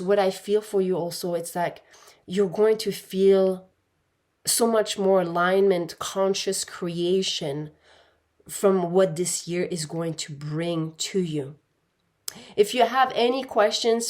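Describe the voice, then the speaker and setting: A woman's voice: medium pitch, warm tone. A woman giving an intuitive pick-a-pile tarot reading, speaking in a meandering way and calling her viewers "my dear". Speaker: tarot card reader.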